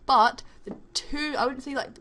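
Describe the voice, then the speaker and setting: A woman's voice: high voice, fairly even intonation, moderate pace, fairly bright tone, a little hiss or hum. A young woman telling a school story in a loose, rambling way, full of fillers and casual swearing, while she plays a game. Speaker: gaming vlogger. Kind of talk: casual storytelling over gameplay.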